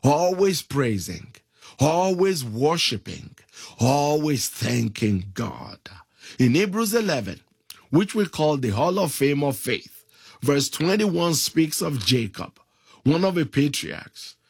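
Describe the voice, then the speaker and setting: A man preaching a sermon, slow and emphatic, stretching out key phrases. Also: on the high side, very animated, creaky, darkish tone, husky, dry recording, studio quality.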